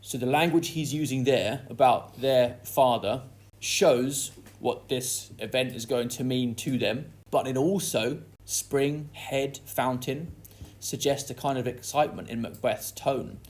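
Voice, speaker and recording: An English literature teacher, a man with a medium-pitched, somewhat dark voice, takes his time through a lesson analysing a play. He reads quoted lines aloud with dramatic stress, then explains what they mean.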